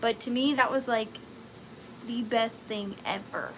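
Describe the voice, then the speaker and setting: A woman in her thirties with a Southern US accent, hosting a live vintage sale in a chatty, upbeat way with high squeals. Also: steady tone, unhurried, background noise. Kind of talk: casual live-stream selling chat.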